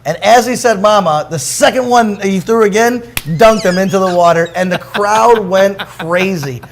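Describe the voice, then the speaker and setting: A man's voice: high-pitched, normal speed, a little hiss or hum. A middle-aged man hosting a casual talk show, telling rambling stories and chuckling between lines. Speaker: show host. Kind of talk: casual chat.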